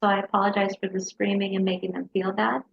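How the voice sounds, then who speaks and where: A woman therapist telling a personal story in an interview, in a lively storyteller's manner. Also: mid-range voice, quick pace, vocal fry, husky. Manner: lively storyteller who acts out her kids' voices. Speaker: hypnotherapist and mental health counselor. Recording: dull lo-fi sound.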